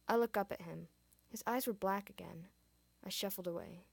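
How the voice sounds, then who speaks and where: A woman reading her fan fiction aloud, expressive, dropping in her own asides. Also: mid-range voice, normal speed, creaky, husky, no room sound. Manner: expressive, adds asides and swears in reaction. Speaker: reader.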